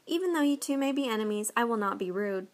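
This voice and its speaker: A clever, fearless wife answers a giant with brisk, teasing confidence in a storybook tale, as a woman reader takes her part. Her voice sits a little high. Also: expressive, natural voice. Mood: sly. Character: clever bold wife of a folk hero.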